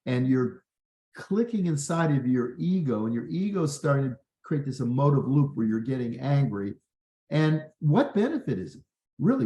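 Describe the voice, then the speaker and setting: A man's voice: medium pitch, dark tone, echoey room, low-quality recording. A man, a physician, hosting a workshop in an earnest, conversational way with many fillers. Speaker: physician and leadership workshop host. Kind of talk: workshop talk.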